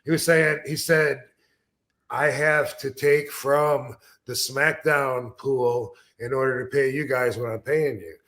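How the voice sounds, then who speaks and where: A man's voice: medium pitch, steady tone, slow, fairly bright tone. A man hosting a podcast, casually recounting an old complaint about pay in a loose, rambling way. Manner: loose, rambling recollection with fillers and laughs. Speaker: podcast host. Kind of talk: casual chat interview.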